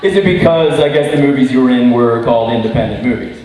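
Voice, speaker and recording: A man hosting a live stage show, teasing and directing the audience in a jokey, animated way. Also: mid-range voice, fast. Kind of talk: playful live crowd work. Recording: echoey hall, distant mic, crowd noise.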